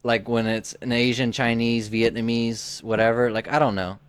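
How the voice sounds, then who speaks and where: Smooth-voiced young man rambling through a story. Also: medium pitch, little pitch movement, moderate pace, no echo. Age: 20s. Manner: rambling, heavy use of "like", frequent restarts. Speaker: podcast co-host. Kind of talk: casual storytelling.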